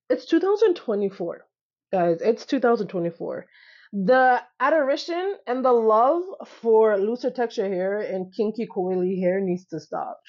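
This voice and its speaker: A sassy young woman talks straight to her viewers, hammering points home with repeats and quick laughs. Her voice sits a little high. The recording is dull and lo-fi. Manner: sassy, emphatic, repeats phrases for punch, laughs often. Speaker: vlogger. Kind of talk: casual direct-to-camera talk.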